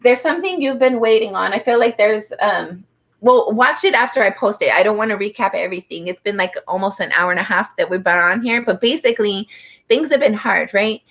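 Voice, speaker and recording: A woman's voice: mid-range voice, expressive, a little fast, fairly bright tone. Chatty woman giving a tarot reading. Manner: chatty, heartfelt, fills speech with "like"; addresses viewers by name and star sign. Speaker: tarot reader. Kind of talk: live-streamed tarot reading.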